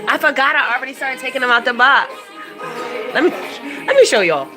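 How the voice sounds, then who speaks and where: A woman's voice: high voice, lively intonation, fairly quick, long pauses, music in the background. Chatty dramatic older woman vlogger. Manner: dramatic, chatty, acts out quotes. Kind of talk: casual storytelling to camera. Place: home living room.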